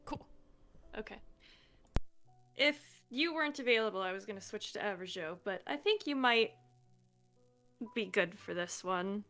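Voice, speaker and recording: A woman narrating a tabletop role-play game as game master, measured and descriptive. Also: mid-range voice, animated, bright, forceful tone, soft background music.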